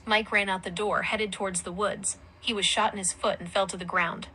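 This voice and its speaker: A woman narrating a story aloud in a plain, even storytelling manner. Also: medium pitch, brisk, husky, low-quality recording.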